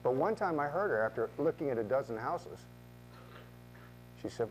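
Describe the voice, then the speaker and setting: A middle-aged man tells a motivational real estate story and acts out both sides of the conversations. His pitch sits in an ordinary middle range. A faint mains hum runs under the recording. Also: expressive, normal speed, dull audio. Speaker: real estate agent and speaker.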